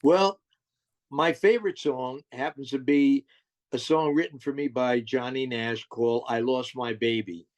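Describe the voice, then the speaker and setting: Excitable older man, stammering restarts. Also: medium pitch, normal speed. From New Jersey. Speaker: guest musician. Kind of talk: casual interview storytelling.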